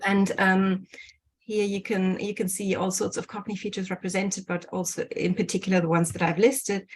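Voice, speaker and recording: A woman presenting research in an online lecture over a video call, pausing often with ums and correcting herself. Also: mid-range voice, level tone, slight background noise. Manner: hesitant, many ums and self-corrections. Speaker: guest speaker presenting research.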